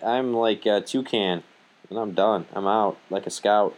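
This young male podcast host speaks in a lowish voice at a slightly slow pace. He jokes around crudely and swears freely in casual podcast banter.

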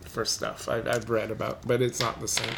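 A woman's voice: rumbling low, level tone, moderate pace, gravelly, background noise. A woman co-hosting a casual podcast, making wry jokes and playful asides while she talks through a horror film. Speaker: podcast co-host.

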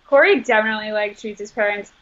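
A woman's voice: mid-range voice, fast talker, fairly bright tone. A woman co-hosting a podcast, chatting casually and saying "like" a lot. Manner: chatty, heavy use of "like". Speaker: podcast co-host. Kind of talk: casual chat. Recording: slightly dull lo-fi sound.

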